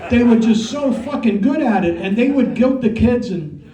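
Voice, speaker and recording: A middle-aged man with a thick New York Italian-American accent tells brash, profane jokes in a stand-up set. His voice sits high for a man yet sounds dark and mellow. The room echoes, and he is heard from a little way off the mic. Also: expressive, normal speed, distant mic. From Brooklyn, New York. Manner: brash, profane storytelling with punchlines. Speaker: stand-up comedian. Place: comedy club with audience. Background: audience laughter.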